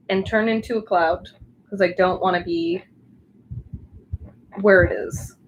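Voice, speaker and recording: A woman's voice: on the low side, fairly even intonation, a little slow, dull audio, slight background noise. Chatty young woman with a Southern Californian accent. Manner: chatty, rambling, many likes and restarts. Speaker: crafting livestreamer. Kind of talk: casual live chat while crafting.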